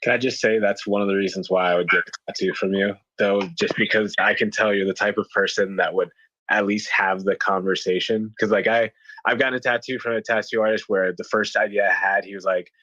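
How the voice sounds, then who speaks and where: Low-voiced man chatting loosely. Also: fairly even intonation, a little fast, sharp tone, no room sound, muffled recording. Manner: loose, filler-heavy, swears casually. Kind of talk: casual chat.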